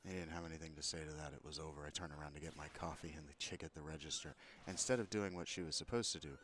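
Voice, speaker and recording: His voice is a rumbling low with a fairly bright tone. The vlogger tells a profane, aggrieved story of a confrontation, growing angrier and more heated with each beat.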